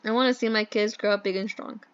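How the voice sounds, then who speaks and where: A deadpan, cheeky talking phone from a dating game, as a woman voices it in a voice pitched lower than her own. Its delivery is casual and dry, and it is heard through a muffled, low-fi mic. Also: fast talker, smooth, lightly acted. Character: laid-back crude talking phone, the player character.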